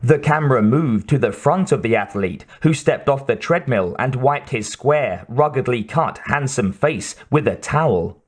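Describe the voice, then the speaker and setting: A man narrating an audiobook in a measured, steady way. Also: mid-range voice, slightly rough. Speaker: audiobook reader.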